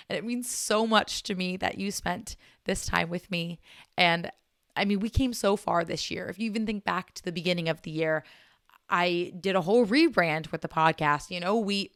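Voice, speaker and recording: A woman's voice: lowish voice, moderate pace, a bit bright, dry recording, studio quality. A young woman hosting her own podcast, talking casually in an earnest, rambling, sentimental way. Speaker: podcast host. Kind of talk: casual solo podcast talk.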